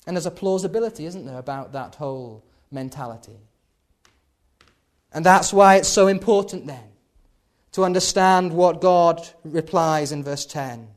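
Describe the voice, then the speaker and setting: A man preaching a sermon, building to loud emphatic peaks and then dropping low. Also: moderate pace.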